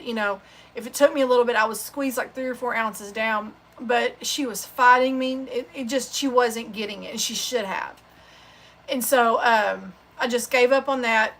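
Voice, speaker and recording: On her sewing channel's livestream, a woman keeps up casual, rambling chat, and her stories come across as sincere and unpolished. She speaks at normal speed in a steady, slightly high voice that sounds bright and forward.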